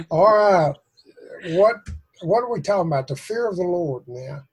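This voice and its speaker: Southern tennessee guy hosting a zoom prayer group, husky, folksy, jokey. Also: sits high, rough recording. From Tennessee, USA. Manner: folksy, joking, drawling. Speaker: host of an online prayer group. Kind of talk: casual chat on a video call. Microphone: video call.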